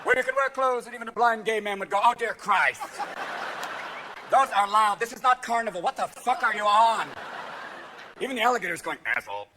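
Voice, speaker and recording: A man performing a stand-up comedy set, manic and shouting, jumping between voices and impressions. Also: extremely high pitch, quick pace, slight background noise. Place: large theater with live audience. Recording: live theater recording with crowd laughter. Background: audience laughter and applause.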